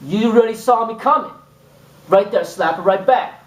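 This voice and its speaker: Guy teaching kung fu, kinda high voice, rambly storytelling, sounds far from the mic in a boomy room. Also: normal speed, roomy sound. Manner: rambling, repeats "boom" and acts out exchanges. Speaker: kung fu instructor. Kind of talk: informal spoken lesson.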